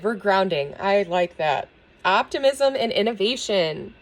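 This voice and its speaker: A woman giving a spiritual tarot reading and talking earnestly to her viewers, soft and emotional, with small laughs. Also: mid-range voice, lively intonation, measured pace, rough recording. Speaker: tarot reader.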